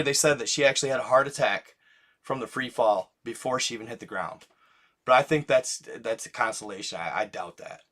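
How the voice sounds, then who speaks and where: A man's voice: medium pitch, sharp tone. A young man hosting his channel, rambling casually in profane slang full of restarts. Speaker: channel host.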